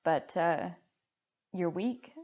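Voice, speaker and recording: A woman's voice: on the low side, animated. Earnest woman co-host, muffled recording. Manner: earnest, halting phrasing. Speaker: podcast co-host. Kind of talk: casual conversation.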